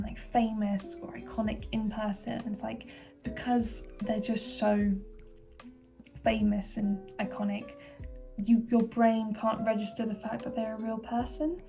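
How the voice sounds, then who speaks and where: A young woman chats excitedly to camera as a vlogger, gushing and peppering her sentences with fillers. Her voice is fairly high and mellow. She sits a little back from the mic, with faint music underneath. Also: normal speed, recorded from a distance. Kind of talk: casual chat.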